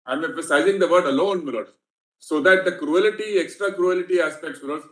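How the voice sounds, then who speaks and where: A man argues formally before a bench, deferential and repeating "my lord" again and again. His voice sits a touch high for a man. The large courtroom leaves a roomy echo around every word. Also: a little fast, fairly bright tone. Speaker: senior advocate. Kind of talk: courtroom argument.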